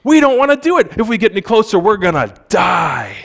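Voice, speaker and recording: Brief: a preacher putting on scared, whiny ancient Israelites, high and pleading, talking together. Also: male voice, big pitch swings, brisk, vocal fry, fairly bright tone, heavily acted. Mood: panicky. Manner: high, whiny, casual modern phrasing.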